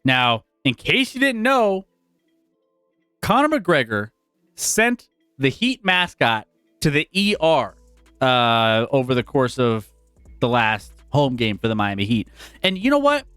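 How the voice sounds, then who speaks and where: A man co-hosting a casual sports livestream, laughing often as he reads chat. His pitch swings widely as he talks. The sound is dry, with faint music underneath. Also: animated, slow pace, pauses often, sharp tone, clear, resonant tone, no room sound. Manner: laughs often, loose and chatty. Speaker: co-host.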